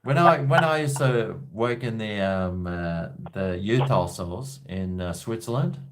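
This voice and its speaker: Australian host, rambling, hesitant, sweary, animated pitch. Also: male voice, unhurried, background noise. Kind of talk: casual live-stream chat.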